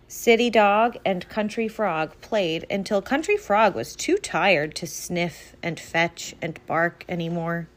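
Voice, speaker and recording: Woman, storybook read-aloud, gentle, measured, unhurried, lowish voice. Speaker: reader to a child.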